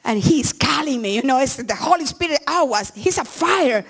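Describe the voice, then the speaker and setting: A middle-aged woman pastor, not a native English speaker, preaching a sermon in earnest, halting English with frequent restarts. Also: high-pitched, expressive.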